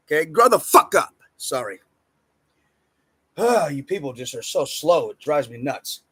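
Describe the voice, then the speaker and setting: A man delivering a profane, emphatic motivational rant about diet and spirituality, swinging between loud bursts and muttered asides. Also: sits high, normal speed. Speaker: self-help speaker.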